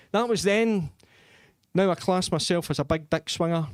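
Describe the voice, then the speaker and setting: A man's voice: sits high, moderate pace, no room sound. A man doing crude, self-mocking live stand-up comedy in a comedy club.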